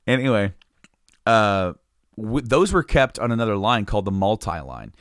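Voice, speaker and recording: A man with a low-pitched voice tells a long, rambling story in a casual way. He laughs a lot and swears freely, and the sound is dry and close. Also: big pitch swings, moderate pace, no room sound.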